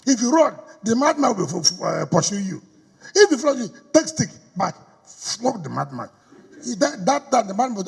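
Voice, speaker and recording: A middle-aged man with a Nigerian accent makes a combative campaign speech in a reverberant hall. His voice sits high for a man and is heavily gravelly and husky. The room's long echo trails behind every line. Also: big pitch swings, a little fast. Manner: combative, rhetorical questions, switches into pidgin. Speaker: politician addressing party stakeholders. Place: government house hall. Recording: echoey hall recording.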